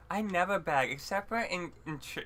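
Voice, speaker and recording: A young man co-hosting a let's play, reading game lines slowly, giggling and tripping over words. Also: high voice, bright, forceful tone. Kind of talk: playing a dating game with a friend.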